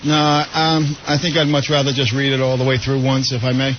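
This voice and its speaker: A man's voice: mid-range voice, steady tone, brisk. A man on a radio show reading a prepared statement in a formal, stiff way. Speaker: show staffer. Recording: dull lo-fi radio broadcast with faint noise.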